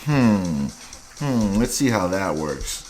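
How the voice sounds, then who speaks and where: A man's voice: low-pitched, very animated, takes it slowly, a little mellow, a little hiss or hum. A man hosting a dating advice show, giving blunt, crude and mocking commentary on dating profiles.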